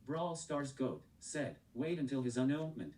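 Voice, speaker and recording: A synthetic male text-to-speech voice reading chat messages aloud in a flat tone, mangling some words. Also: mid-range voice, moderate pace, noisy background.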